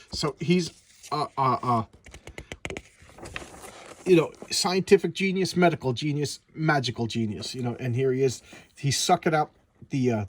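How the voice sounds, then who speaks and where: A man's voice: medium pitch, a little mellow. A man recapping a comic book in a casual, enthusiastic, rambling way, with many restarts.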